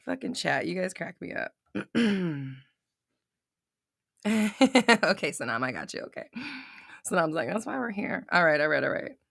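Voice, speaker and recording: A woman coaches her live-stream viewers in loose, unscripted talk, blunt and full of swearing. Her voice is bright and forward. The recording is dry and close, with no room echo. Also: sits low, expressive, measured pace, gravelly, pauses often. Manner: blunt, swearing, shifts into heated tough love.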